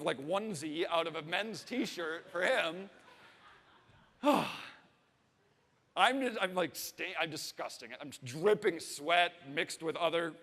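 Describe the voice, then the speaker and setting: A man's voice: high voice, fairly bright tone, in a large hall. A man in his thirties telling a comic story on stage, swearing and acting out the voices of the people in it. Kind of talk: comic personal anecdote to a live audience.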